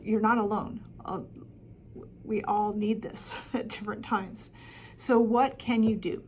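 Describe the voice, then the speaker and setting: A middle-aged woman gives practical parenting advice in a talking-head video, speaking plainly with frequent ums and restarts. Her medium-pitched voice is creaky and a little mellow, with a little hiss or hum in the recording.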